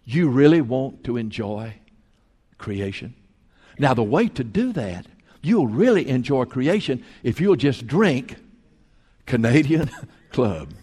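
A man preaching a sermon as pastor, telling folksy stories and swinging between loud and hushed. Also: mid-range voice, very animated, takes it slowly, breathy edge, in a large hall. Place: church sanctuary.

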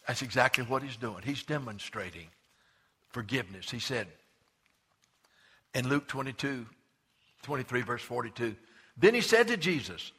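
Forceful husky-voiced male preacher. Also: mid-range voice. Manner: emphatic, swings between loud urging and hushed quiet; repeats words as he restarts, conversational. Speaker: pastor. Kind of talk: sermon.

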